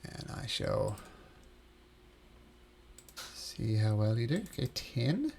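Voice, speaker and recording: A man's voice: lowish voice, sing-song, takes it slowly, vocal fry, a little mellow, slight background noise. A man acting as game master, narrating a tabletop game in a loose, rambling way.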